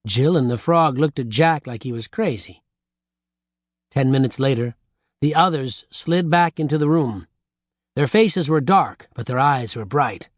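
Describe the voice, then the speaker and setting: A man narrating an audiobook with lively storytelling on a close studio mic. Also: medium pitch, a little slow, dry recording.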